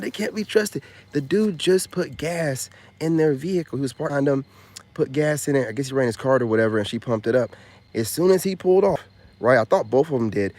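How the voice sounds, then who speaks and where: A man vlogging a casual story in a rambling, slangy way, dropping loud boasts and then hushed asides, full of filler phrases. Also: on the high side.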